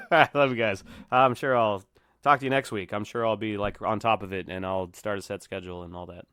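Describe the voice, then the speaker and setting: A man's voice: mid-range voice, clear, resonant tone, dry recording, studio quality. Rambling, laughing man in his thirties. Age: 30s. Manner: rambling, laughs often, self-mocking. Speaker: podcast host. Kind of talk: casual solo podcast ramble. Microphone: headset or desk mic.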